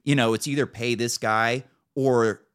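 A man's voice: mid-range voice, fairly even intonation, a little slow, fairly bright tone, clear, resonant tone. An American man hosting a podcast, casually telling profane stories and acting out what people said. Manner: profane, storytelling with acted-out quotes. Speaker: podcast host. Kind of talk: casual chat.

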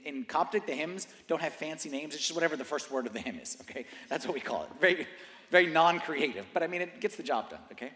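A man preaching a sermon as a priest, moving from quiet conversational asides to loud, fervent declarations. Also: medium pitch. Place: church. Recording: roomy church hall reverb.

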